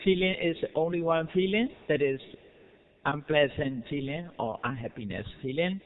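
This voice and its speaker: A Buddhist monk with a Burmese accent gives a lecture in plain, broken English, often asking his listeners whether they follow. His voice sits high and sounds smooth and resonant. The recording is narrow and tinny, like a phone line. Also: moderate pace. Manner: simple non-native English, frequent rhetorical checks and soft chuckles. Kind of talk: dharma lecture.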